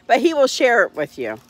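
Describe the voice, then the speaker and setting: A woman hosting a casual livestream, talking cheerfully to her dogs and laughing often. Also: fairly high pitch. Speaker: dog owner hosting a livestream.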